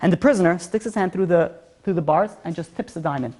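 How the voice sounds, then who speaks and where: A man, a rabbi, telling a story in an animated, conversational way. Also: high voice, fast. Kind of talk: storytelling talk.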